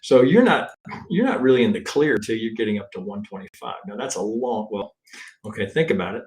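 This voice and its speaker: A man teaching trading in a live-stream chart review, thinking aloud in a blunt, profane way and tagging his points with a quick "right?". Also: lowish voice, lively intonation, a little mellow. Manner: thinks aloud, counts waves, restarts often. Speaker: trading instructor.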